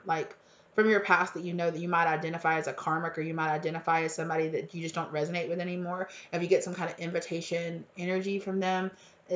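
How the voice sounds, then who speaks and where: A woman's voice: lowish voice, muffled recording. Chatty woman reading tarot, roomy sound. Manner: chatty, loose, lots of fillers and repeats. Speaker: tarot reader. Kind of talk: casual tarot reading to viewers.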